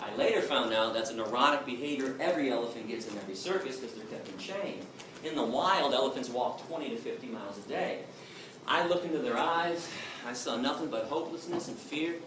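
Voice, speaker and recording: A man's voice: mid-range voice, animated, brisk. A man answering audience questions in an emphatic, plain-spoken storytelling manner. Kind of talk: public talk, Q and A. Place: large echoey hall. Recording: echoey hall from far off, noisy.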